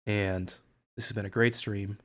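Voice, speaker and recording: A man's voice: fairly low pitch, level tone, normal speed. A man hosting a casual livestream chat, rambling, swearing freely and often restarting his sentences. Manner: rambling, profane, with frequent restarts. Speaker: livestream host.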